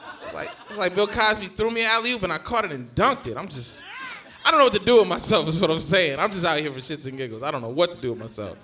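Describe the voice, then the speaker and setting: A man's voice: sits high, animated, quick pace, pushed and bright. A young man from Georgia doing live stand-up in a long comedy club room. He works the crowd on a handheld stage mic with loose, profane banter. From Georgia, USA.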